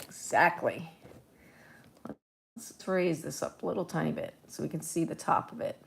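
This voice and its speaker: A woman's voice: low voice, expressive, normal speed, vocal fry, husky. A woman artist talking casually to the viewer as she paints, chatty, playful and thinking aloud. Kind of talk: casual narration while painting.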